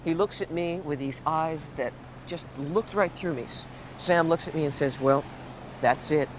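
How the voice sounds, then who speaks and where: A young man telling a story in a casual interview, lively and acting out the voices he quotes. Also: on the high side, normal speed. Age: 20s. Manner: animated, laughs often, acts out quoted voices. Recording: 1970s tape with background noise.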